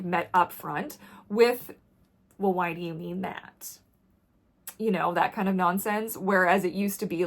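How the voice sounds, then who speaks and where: Speaking to camera in a mid-range voice, this vlogger is frank, blunt and intense. Her voice drops low whenever the topic gets heavy.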